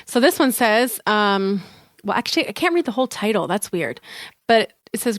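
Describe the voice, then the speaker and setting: A woman co-hosting a podcast in casual chat, lively and quick to laugh, often cutting in on her partner. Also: medium pitch, no room sound, clean studio sound. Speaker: podcast co-host.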